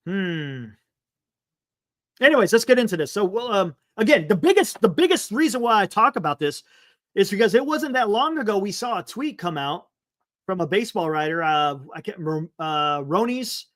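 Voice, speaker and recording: A man's voice: high voice, sing-song, normal speed, fairly bright tone. A man hosting a live sports stream, chatting loosely, reading viewer comments and laughing often.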